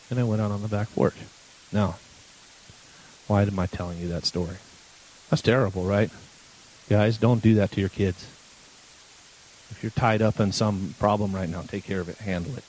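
A man's voice: mid-range voice, normal speed, long pauses, darkish tone, low-quality recording. A man in his forties giving a sermon as a guest preacher, telling a personal story in a candid, conversational way. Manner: candid, conversational, restarts when emotional.

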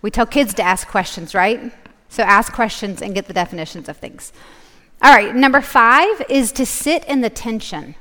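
A woman's voice: fairly high pitch, lively intonation, normal speed, fairly bright tone. A woman giving a live Bible study talk to an audience. She speaks casually, laughs often and keeps checking in with "okay?". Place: large hall with a live audience. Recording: echoey hall.

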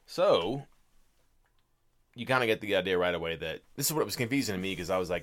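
A man's voice: deep voice, lively intonation, a little fast. A man co-hosting a podcast, recapping a movie in easygoing casual chat with dry wisecracks. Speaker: podcast co-host.

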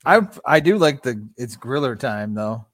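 Man, wry banter, mid pitch, dry close sound. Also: expressive, a little slow, fairly bright tone, no room sound. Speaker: podcast co-host. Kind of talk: casual chat.

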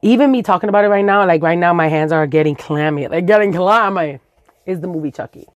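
Animated Dominican woman telling a comic story. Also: fairly low pitch, fast talker, no echo, muffled recording. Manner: animated, mixes Spanish words, swears, sound effects.

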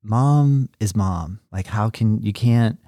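Host voice: middle-aged man, low and warm, earnest and rambling, dry close sound. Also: slow, no room sound. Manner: rambling, earnest, many fillers and restarts, shifting pace. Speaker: podcast host. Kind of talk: casual interview chat.

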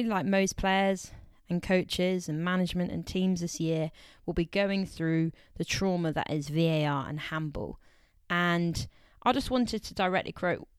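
A woman's voice: fairly low pitch, smooth, no room sound, studio quality. A young woman, co-hosting a podcast in a chatty, playful way and laughing between remarks. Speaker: podcast co-host. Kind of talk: casual podcast chat about football.

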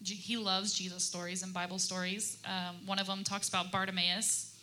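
A woman's voice: mid-range voice, flat delivery, normal speed, pushed and bright. A woman in her thirties on a faith-based panel, speaking earnestly about home habits with fillers.

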